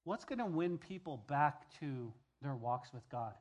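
Pastor, male, slightly high voice; emphatic sermon delivery, repeats lines, loud-to-hushed swings. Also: animated, a little slow.

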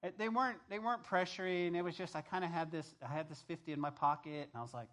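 A man's voice: a little high, quick pace, few pauses, a bit bright. A middle-aged male pastor preaching a conversational sermon, repeating key phrases and telling stories from the pulpit.

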